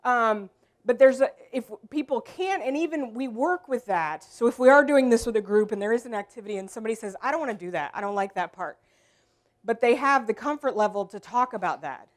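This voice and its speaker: A woman leading an improv workshop, explaining to a group in a relaxed way, with frequent ums. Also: on the high side, brisk. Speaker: workshop leader. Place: room with a group.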